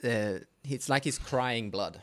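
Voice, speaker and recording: A man running a tabletop horror game as game master, narrating in a halting way and searching for words. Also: mid-range voice, fairly bright tone.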